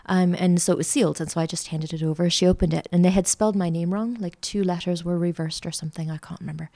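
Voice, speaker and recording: A middle-aged woman, a podcast guest telling a lively travel story with lots of fillers. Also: fairly low pitch, fast talker, gravelly. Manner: chatty, animated anecdote-telling with many fillers. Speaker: interview guest, art school founder. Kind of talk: casual storytelling.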